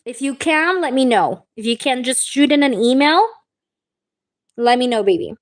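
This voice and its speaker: A woman reading tarot live for her viewers. Her voice sits a little high. She talks in a chatty, reassuring way and keeps checking in with "okay?" and pet names. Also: expressive, normal speed. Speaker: tarot reader.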